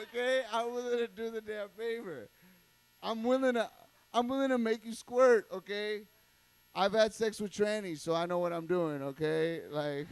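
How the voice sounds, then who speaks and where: A man's voice: high-pitched, vocal fry, clear, resonant tone. A man doing loose, crude stand-up, rambling and tacking "okay" onto his lines. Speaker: stand-up comedian.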